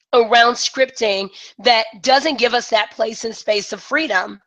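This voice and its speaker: A woman business coach leading a live online coaching session, talking with emphasis and excitement. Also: on the high side, poor audio.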